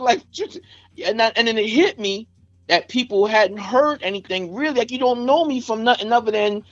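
A rapper from Staten Island, New York, guesting on a podcast, tells an emotional story casually and ramblingly, heavy on fillers like "you know what I'm saying." His voice is very high-pitched at a moderate pace, and the audio is dull and dry with no echo.

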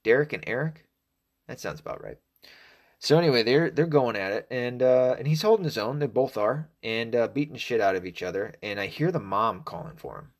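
A man's voice: medium pitch, expressive, fairly quick. A young man from the American South with a faint Southern accent, talking in a casual, profane, rambling monologue full of restarts. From Arkansas, US South.

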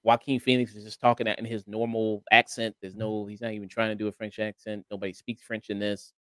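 A man's voice: fairly low pitch, flat delivery, fairly quick, no echo. A man hosting a casual review chat, talking in a rambling way with lots of hesitant fillers. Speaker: podcast host.

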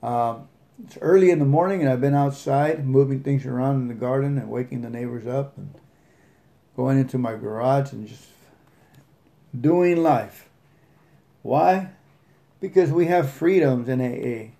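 Podcast host, male, mellow low-key tone, earnest and halting delivery. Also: creaky. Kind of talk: reading aloud and casual recovery talk.

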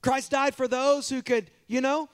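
A male pastor preaching a sermon in a church, animated and direct with the congregation, often repeating words as he builds a point. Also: very high-pitched, measured pace, clear, resonant tone.

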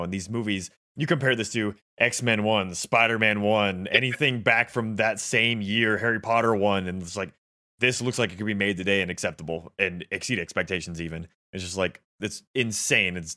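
A man's voice: lowish voice, brisk, sharp tone. A man chatting eagerly about films as a podcast co-host, rambling with lots of fillers. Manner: enthusiastic, rambling with many fillers. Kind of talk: casual film discussion.

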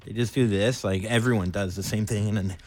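A young man co-hosting a casual chat, telling a profane, animated story. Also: fairly low pitch, a little fast, slight background noise. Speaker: podcast co-host.

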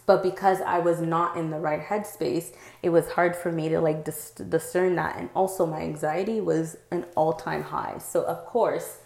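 A woman with a notably low voice tells a personal story, circling back through her sentences with plenty of "like" and "um." She checks in with a steady "right?" as she goes. Her voice bounces around a hard, echoey room. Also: moderate pace, vocal fry, hardly any pauses. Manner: rambling, heavy use of "like" and "um", frequent "right?". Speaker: podcast host.

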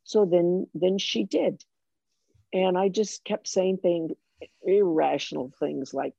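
Older woman with a gravelly, low voice. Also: slow, no echo, dull audio. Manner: animated, self-mocking, with frequent restarts. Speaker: guest sharing her testimony. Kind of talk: personal storytelling in a conversation.

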